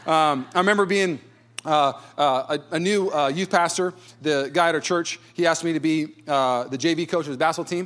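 High-voiced pastor preaching. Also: male voice, fairly bright tone. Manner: conversational, storytelling with self-deprecating humor. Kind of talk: sermon.

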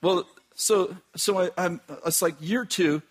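A man preaching and telling a dramatic personal story, laughing often and shouting at the peaks. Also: high-pitched, measured pace. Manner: animated, laughing, shouting at climaxes. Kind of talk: sermon storytelling.

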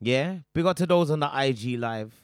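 A man hosting a podcast, excitable and repetitive as he hypes up his listeners. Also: mid-range voice, normal speed, clean tone, no room sound, clean studio sound. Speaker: podcast host and DJ. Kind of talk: casual chat.

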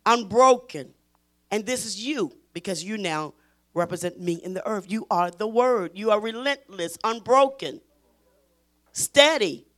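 A woman teaching a Bible study in an emphatic preaching style, repeating phrases and pushing her voice toward a shout. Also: mid-range voice, lively intonation, a little slow.

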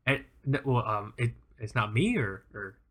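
A man's voice: mid-range voice, lively intonation, normal speed, fairly bright tone, a little hiss or hum. A man co-hosting a casual podcast, talking with energy, joking and laughing often. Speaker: podcast co-host.

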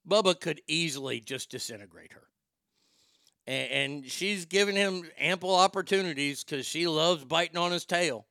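A man's voice: medium pitch, pushed and bright, clear, resonant tone, no room sound. A man in his forties hosting a casual livestream from his home studio, rambling and joking with plenty of swearing. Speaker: livestream host.

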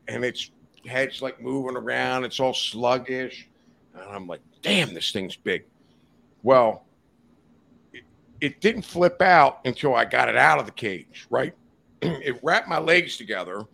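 This podcast guest has a medium-pitched voice with some vocal fry, and he laughs and swears his way through a wild anecdote. The studio recording has a faint hiss or hum, and the telling is lively and informal.

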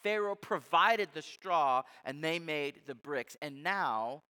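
A man's voice: fairly high pitch, animated, slow pace, bright, forceful tone. A male pastor preaching a sermon in a conversational, emphatic way, explaining things to his listeners. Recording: long hall reverb.

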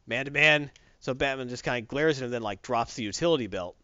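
A man co-hosting a casual podcast chat, telling a comic story in an animated way and acting out the quotes. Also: medium pitch, fast talker, dry recording, lo-fi sound. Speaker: podcast co-host recapping comics.

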